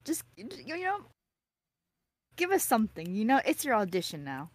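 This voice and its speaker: A woman's voice: a little high, huge pitch swings, normal speed, no echo. A woman friend on a stream, chatting casually, giggly and teasing with lots of exclamations. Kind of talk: casual chat. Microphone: own microphone.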